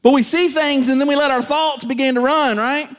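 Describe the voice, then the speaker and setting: Speaking fairly quickly in a very high voice, this male preacher addresses his congregation. He animatedly mimics everyday voices and asks the room questions.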